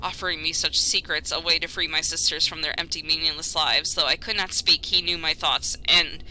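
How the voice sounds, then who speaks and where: A woman voicing an eerie creature in thrall to a dark king, with low, measured, solemn delivery. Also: fairly even intonation, slight background noise, low-quality recording.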